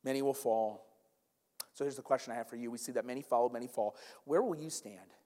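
A male pastor preaching a sermon, swinging from loud, urgent calls to hushed intensity. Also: medium pitch, quick pace. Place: church sanctuary. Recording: long church reverb with faint music.

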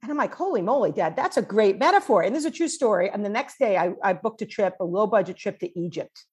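In a conversational interview, a New York cross-cultural psychologist speaks quickly in a mid-range voice with a breathy edge. Her storytelling is animated and chatty, with plenty of fillers.

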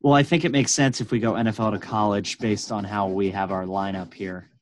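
A man's voice: fairly low pitch, a little fast, dry recording. Playful young man chatting casually. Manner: excitable, playful, lots of fillers. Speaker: podcast co-host. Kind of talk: casual sports chat.

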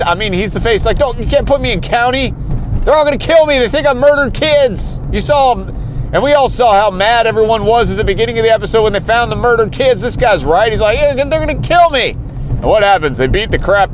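A man's voice: high-pitched, noisy background. A man hosting a podcast, recapping a TV episode in a casual, rambling way from inside a car while driving. He keeps talking himself into getting worked up. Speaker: podcast host.

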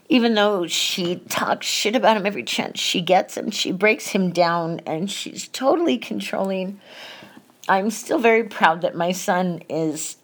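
A middle-aged woman hosting a podcast, telling a painful family story in a candid, emotional way and swearing freely. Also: medium pitch. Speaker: podcast host. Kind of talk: personal confessional monologue.

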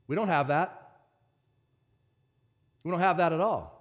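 A pastor delivering a conversational sermon, telling stories in an animated, stop-and-start way. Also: male voice, a little high, normal speed, pauses often. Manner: conversational storytelling, animated, many restarts.

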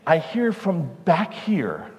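A male pastor telling a lively personal story in a conversational sermon style. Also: a little high, takes it slowly, dull audio. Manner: animated, conversational, self-deprecating. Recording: long hall reverb.

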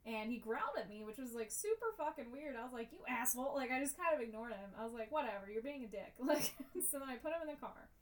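Lively high-voiced woman, chatty and laughing. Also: fast, few pauses, recorded from a distance. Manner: animated storytelling, laughs often, swears. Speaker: podcast co-host. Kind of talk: casual chat.

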